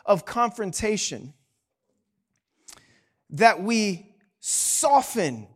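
A man with a strikingly high voice preaches a sermon with fervor. He drops to near-hushed tones, then climbs into loud, emphatic lines, and keeps pressing the congregation with questions. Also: big pitch swings, very slow. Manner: impassioned preaching, swings between hushed and loud. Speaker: pastor.

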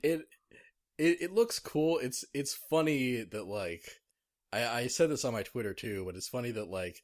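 A man's voice: medium pitch, normal speed. A man co-hosting a casual podcast, rambling with lots of filler words and restarts. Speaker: podcast co-host.

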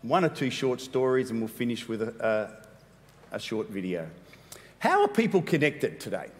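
A man preaching a sermon as pastor, animated and playful, with quick asides. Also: mid-range voice. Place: church hall. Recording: long hall reverb.

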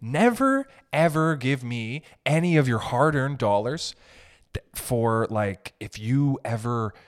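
A young man hosting a podcast, ranting in a comedic, animated way, swearing and laughing as he goes. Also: medium pitch, slow pace. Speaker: podcast host. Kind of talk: comedic rant.

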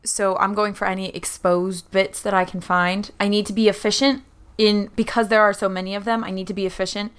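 Woman player at a tabletop rpg, talky, reads rules out and plans moves, normal pitch. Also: flat delivery, fairly quick, a bit bright, clean tone. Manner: chatty, thinks aloud through rules and moves. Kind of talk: casual tabletop game play.

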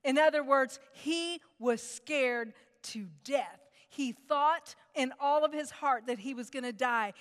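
A middle-aged woman preaching a sermon in a church, telling the story in an animated, dramatic way. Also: high voice, big-room sound.

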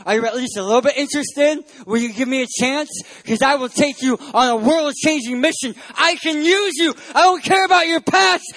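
A male pastor voicing God as a gentle, coaxing figure who earnestly pleads. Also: very high voice, a little fast, few pauses.

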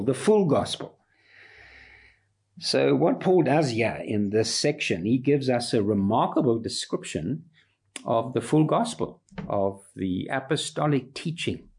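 A man's voice: medium pitch, darkish tone, breathy edge. A man preaching a sermon, emphatic, building his points through repeated lists.

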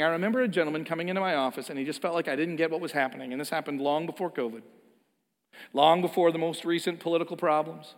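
A man preaching a sermon as pastor, emphatic, swinging between soft and loud, often repeating his words. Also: a little high, fast, big-room sound.

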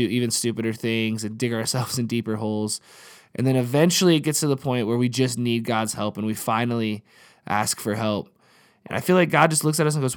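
A man in his thirties preaching a sermon at a mid-range pitch. He talks in a relaxed, conversational way, tells stories and repeats his key lines for emphasis. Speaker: pastor.

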